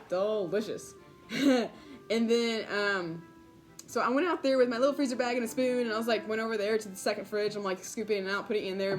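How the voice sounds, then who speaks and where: A young woman in a casual vlog, bubbly and giggly, filling her story with "like" and laughter, excited and caffeinated. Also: mid-range voice. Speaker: vlogger.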